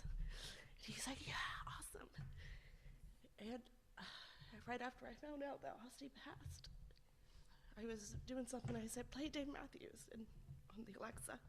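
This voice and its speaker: A woman's voice: fairly high pitch, moderate pace, a little hiss or hum. A woman speaking as an aunt in a eulogy at a funeral service, telling stories emotionally and often dropping to a whisper. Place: funeral home.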